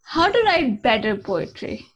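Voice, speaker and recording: A woman's voice: fairly high pitch, big pitch swings, a little slow, fairly bright tone, poor audio. A woman hosting a casual podcast, asking light questions and laughing often. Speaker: podcast host.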